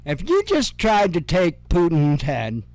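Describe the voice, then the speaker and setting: A male commentator talks slowly and deliberately, his sarcasm sharpened by swearing and chuckling asides. His voice sits a bit high for a man, and the recording is dry and close. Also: huge pitch swings, a little mellow, dry recording, soft background music. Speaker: news commentary host. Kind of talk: casual news commentary.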